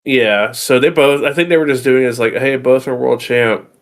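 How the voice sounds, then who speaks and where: A man chatting casually as a guest on a livestream, relaxed and rambling with plenty of fillers. His voice sits at an ordinary medium pitch. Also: normal speed. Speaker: guest co-host. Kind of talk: casual chat.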